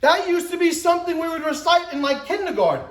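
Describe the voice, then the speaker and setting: A man's voice: lively intonation, quick pace, roomy sound, poor audio. A man in his forties giving a motivational talk, emphatic and acting out little scenes as he speaks. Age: 40s. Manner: emphatic, acts out scenes with rising pitch and shouts.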